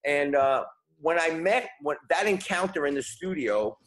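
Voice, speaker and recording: A man's voice: fairly high pitch, animated, measured pace, a bit bright, rough recording. A man in his sixties, a musician guest in an interview, telling a long, rambling story and often repeating words.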